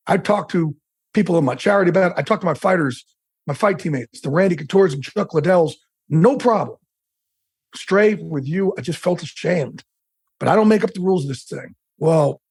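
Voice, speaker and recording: A man's voice: fairly high pitch, darkish tone, slightly rough, dry recording. A middle-aged man as an interview guest, telling a personal story bluntly and emotionally, swearing freely.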